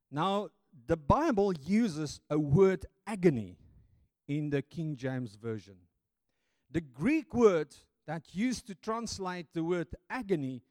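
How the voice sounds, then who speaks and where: A man's voice: high-pitched, a little mellow, dry recording. A man preaching a sermon, reading scripture aloud with dramatic emphasis.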